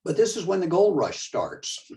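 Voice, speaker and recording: A man's voice: sits high, sing-song, creaky, dark tone. Older man lecturing from a distant mic. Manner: conversational, digressive, halting. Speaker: museum lecturer. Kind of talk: slide-show history talk.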